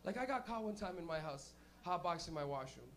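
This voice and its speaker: A man's voice: a little high, animated, fairly quick, a bit bright. A young man doing a loose, swearing stand-up set, acting out quotes as he hosts a small club night. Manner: loose, rowdy, swears a lot, acts out quotes. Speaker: stand-up comedian and host. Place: small club stage with a live audience.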